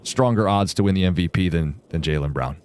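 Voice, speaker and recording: A man's voice: low voice, fairly quick, a little mellow, a little hiss or hum. Opinionated male sports radio host. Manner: confident, opinionated.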